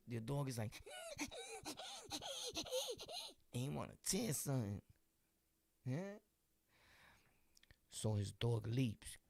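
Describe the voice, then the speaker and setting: Brooklyn man, gravelly voice, dry close sound, loose slangy storytelling. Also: medium pitch, dry recording. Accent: New York, Brooklyn. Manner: loose, animated, laughing asides and slang. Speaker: vlog host. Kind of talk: casual street storytelling.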